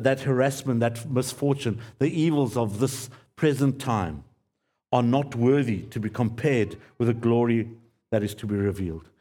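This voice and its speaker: This man delivers a sermon as pastor, pleading earnestly with his listeners. He repeats important phrases, and his lines fall away into quiet, low endings.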